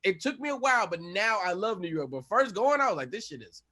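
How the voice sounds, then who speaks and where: A man on a comedy panel telling quick stories, restarting his sentences and acting out quotes. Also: high voice, big pitch swings, crowd noise. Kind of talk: casual comedic banter.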